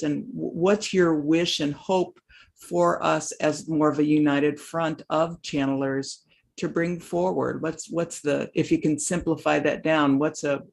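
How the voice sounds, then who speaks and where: A woman whose mouth is still numb from the dentist, asking halting, searching questions on a video call. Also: low-pitched, vocal fry, a little mellow. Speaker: webinar participant. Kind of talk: casual chat on a video call.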